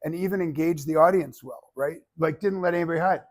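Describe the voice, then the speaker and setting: Animated male public speaking coach. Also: on the high side, fairly quick. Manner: animated, acts out quoted voices. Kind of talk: classroom feedback and storytelling.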